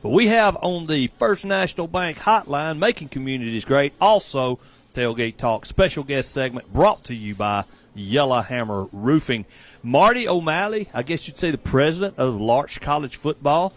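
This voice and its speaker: A man's voice: on the high side, expressive, moderate pace. A man hosting a sports talk radio show, joking around in a loose, upbeat way. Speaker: radio host.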